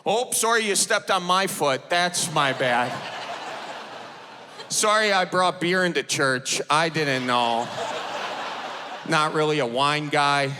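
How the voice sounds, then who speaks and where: A fairly high-pitched man from the American Midwest, speaking with an Upper Midwest accent, performs comedy on a large theater stage with an audience. He pokes fun at himself and acts out characters in conversation, with a long reverb tail and background noise.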